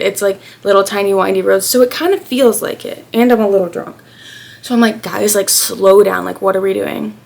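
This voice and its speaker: Young american woman, travel vlog storytime, chatty, gravelly fry. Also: mid-range voice. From United States. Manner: chatty, acts out quoted people. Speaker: vlogger.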